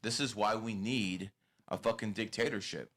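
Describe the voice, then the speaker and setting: A man's voice: fairly low pitch, normal speed, fairly bright tone. A man hosting a podcast, giving blunt and profane advice in a lecturing tone. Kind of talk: casual podcast talk.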